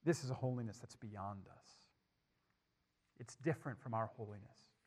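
A man preaching a sermon, building emphasis and then dropping to soft, hushed lines. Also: lowish voice, moderate pace, husky, long reverb tail.

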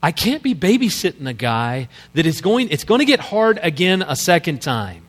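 A man acts out a stern, impatient apostle, blunt and exasperated. The voice sits somewhat high. A long reverb trails each line. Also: big pitch swings, normal speed.

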